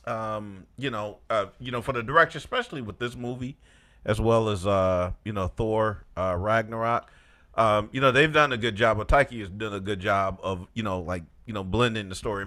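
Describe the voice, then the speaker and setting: A man's voice: on the low side, normal speed, pushed and bright. A man co-hosting a casual podcast, rambling through his thoughts with many "you know"s and "um"s. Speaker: podcast co-host. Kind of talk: casual movie review chat.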